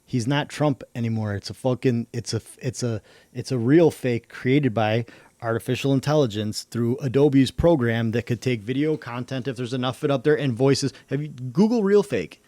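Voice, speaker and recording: A man's voice: mid-range voice, moderate pace, mellow, no room sound. A man hosting a livestream, chatting casually in a rambling way, full of swearing and slang. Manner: rambling conspiracy talk. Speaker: livestream host.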